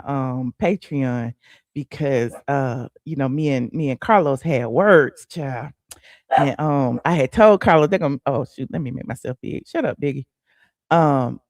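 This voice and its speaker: A man's voice: high-pitched, no room sound, clean studio sound. A man hosting a live gossip stream, chatting casually and sassily with viewers and calling them honey and child. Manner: sassy, animated, peppered with "honey" and "child". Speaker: host of a celebrity gossip livestream.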